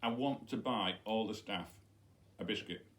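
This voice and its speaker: A man's voice: fairly low pitch, moderate pace, fairly bright tone. Playful head teacher, man. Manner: playful, chatty, demonstrating with props. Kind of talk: school science week video message to pupils.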